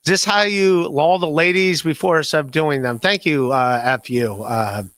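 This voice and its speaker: A man's voice: on the high side, unhurried, a bit bright, no echo. A man hosting a casual podcast livestream, rambling and self-deprecating as he reads chat messages, laughing often and stammering on repeated words. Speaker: podcast host.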